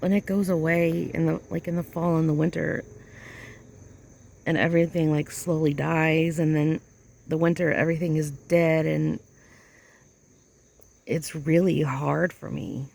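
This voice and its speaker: Rambling, emotional woman with a gravelly voice. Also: sits low, flat delivery, a little slow, pauses often, a little mellow. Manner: rambling, emotional, searching for words. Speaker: vlogger. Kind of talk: casual outdoor vlog. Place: outdoors in a yard chair.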